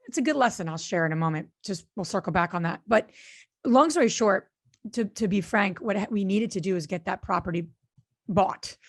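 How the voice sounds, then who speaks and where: A woman co-hosting a podcast, telling a story in casual conversation with an earnest manner and many fillers and restarts. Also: medium pitch. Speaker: podcast co-host and real estate investor.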